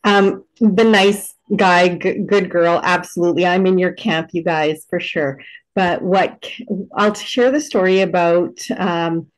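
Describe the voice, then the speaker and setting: Animated woman telling a story. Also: on the low side, unhurried, rough recording. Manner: animated storyteller, laughs at herself. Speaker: discussion participant. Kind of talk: casual group conversation.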